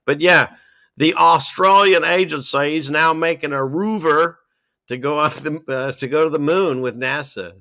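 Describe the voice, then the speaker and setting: A man's voice: a little high, normal speed, pushed and bright, dry recording, studio quality. A man hosting a casual commentary show, talking in a sarcastic, scoffing, rambling way. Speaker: podcast host.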